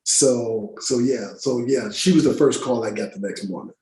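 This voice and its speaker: A middle-aged man spins a loose, profane, animated story as a podcast guest. His voice sits at an ordinary male pitch. The room around him sounds noticeably echoey. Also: normal speed, slight background noise. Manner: profane, animated anecdote-telling with slang. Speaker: actor guest. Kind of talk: casual storytelling interview.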